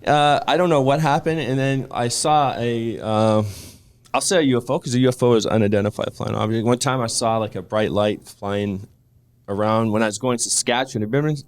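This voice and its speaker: A man's voice: mid-range voice, brisk, clear, resonant tone. A man, a wrestler guest, telling a story in a rambling way full of restarts. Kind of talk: casual storytelling.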